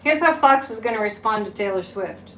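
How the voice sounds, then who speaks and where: A woman's voice: mid-range voice, lively intonation, a little fast, a bit bright, slight background noise. A woman hosting a psychic live stream, talking casually with frequent laughs and incredulous asides. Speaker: psychic livestream host. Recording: echoey room with faint ambience.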